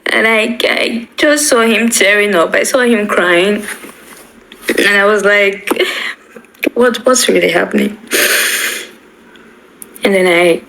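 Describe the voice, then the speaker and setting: A young woman speaks slowly and haltingly, often repeating her words as she tells an emotional personal story. Her pitch sits in the middle range. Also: fairly bright tone, low-quality recording. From Nigeria. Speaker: bereaved daughter.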